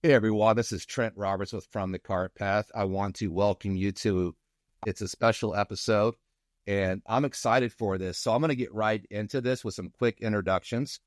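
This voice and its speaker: A man's voice: fairly low pitch, steady tone, dry recording, studio quality. A man hosting a podcast, upbeat and joking as he introduces guests in casual chat. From Indiana, USA. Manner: upbeat, laughing, quick introductions. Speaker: podcast host.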